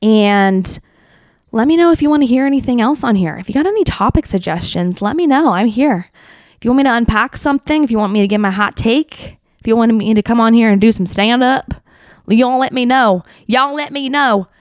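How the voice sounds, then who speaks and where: A woman's voice: fairly high pitch, lively intonation, a little fast, a little mellow, no room sound, clean studio sound. Chatty young woman hosting a podcast. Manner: chatty, filler-heavy, sarcastic asides. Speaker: podcast host. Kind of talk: casual solo podcast commentary.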